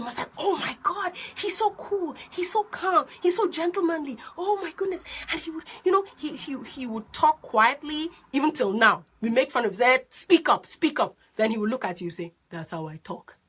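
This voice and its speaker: A woman life coach with a loud, strident voice and an unusual mixed accent, telling her story in an excitable, animated way during a live stream. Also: a little high. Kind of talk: live-streamed motivational talk.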